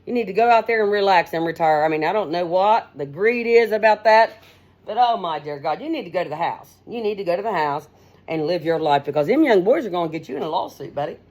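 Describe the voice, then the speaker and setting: A woman's voice: on the low side, lively intonation, quick pace, darkish tone. Blunt, rambling middle-aged woman. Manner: blunt, outspoken, rambling, calls listeners honey and man. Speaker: host. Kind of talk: casual unscripted monologue. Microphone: own device mic, no headset.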